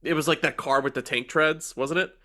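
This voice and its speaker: A man with a sniffly, allergy-stuffed voice, slightly higher than most men, co-hosting a movie podcast. He jokes and swears freely in casual chat. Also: fairly even intonation, pushed and bright. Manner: jokey, swearing, quick to laugh. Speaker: podcast co-host.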